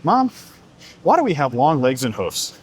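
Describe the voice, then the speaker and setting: A man's voice: medium pitch, huge pitch swings, unhurried, slightly rough, exaggerated voice. A man voicing a curious young male baby camel, asking wide-eyed questions in a storytelling bit.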